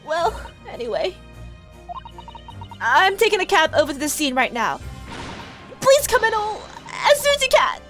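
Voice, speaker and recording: A woman voicing a brash young street-smart girl who talks rough and urgent. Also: very high voice, sing-song, unhurried, long pauses, fairly bright tone, soft background music, voice pushed up, exaggerated voice.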